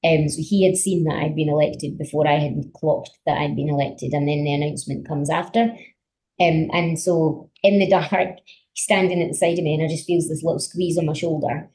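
A woman talking as a guest on a podcast. She tells stories in an animated way and uses a lot of fillers. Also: deep voice, brisk, poor audio. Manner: animated storyteller, many fillers. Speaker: politician guest. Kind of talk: casual conversation.

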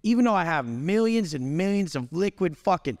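A man's voice: high voice, expressive, a little fast, a little mellow, no room sound, clean studio sound, big-room sound. A man delivering a profane, aggressive motivational rant as an interview guest. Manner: aggressive, swearing heavily. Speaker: guest speaker.

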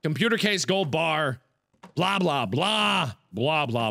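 A young man giving let's-play game commentary, swinging from muttered asides to panicked yelling. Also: fairly high pitch, very animated, slow, gravelly, background noise. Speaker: gaming video host.

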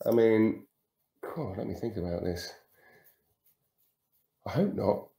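Rambling middle-aged man, mellow tone. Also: lowish voice, animated, slow, creaky, reverberant. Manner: rambling, hesitant, full of ums and self-deprecating asides. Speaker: actor answering fan questions. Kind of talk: casual virtual Q&A. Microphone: video call.

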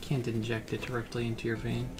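A man's voice: medium pitch, completely flat delivery, fast, noisy background. A man chatting casually on a livestream while playing a game, laid-back and rambling. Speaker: game streamer. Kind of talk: relaxed livestream chat.

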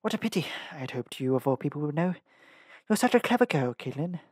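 A man's voice: a little high, sing-song, quick pace, darkish tone, slightly rough, no echo, clean studio sound. A man voicing a chatty, gossiping queen who confides eagerly. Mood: gossipy.

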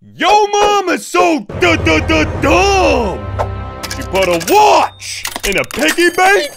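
A man delivers cartoon jokes in a loud, goofy, exaggerated manner. His voice is very high and gravelly. He stretches out his words with big leaps in pitch. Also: big pitch swings, takes it slowly, over loud music. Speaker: comedy narrator. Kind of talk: animated joke narration.

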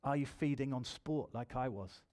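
A man's voice: medium pitch, moderate pace, darkish tone. A man preaching a sermon in church, telling his own testimony and building to emphatic appeals.

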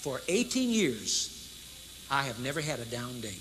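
A man in his fifties preaching a sermon to a live congregation, emphatic and repetitive, moving between loud proclamation and low intense talk. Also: big pitch swings, normal speed, slight background noise. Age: 50s. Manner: emphatic, repeats key phrases for effect. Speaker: pastor. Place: large church service with congregation responding.

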